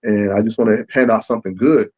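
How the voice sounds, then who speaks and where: A man's voice: on the low side, fast talker, slightly rough, low-quality recording. A man, a comic book creator talking in a casual interview and acting out what fans say to him. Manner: animated, acts out fans' lines.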